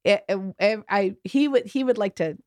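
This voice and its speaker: A woman's voice: medium pitch, moderate pace, darkish tone, no echo, studio quality. A middle-aged woman, a grief educator guest, telling her story candidly in an earnest, emphatic way on a podcast. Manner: earnest and emphatic, with many restarts.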